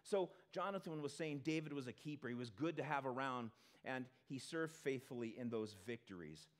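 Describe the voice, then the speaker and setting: A male pastor giving a conversational sermon to a congregation in a church, talking in an animated way. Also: mid-range voice. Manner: animated, acts out quick character voices.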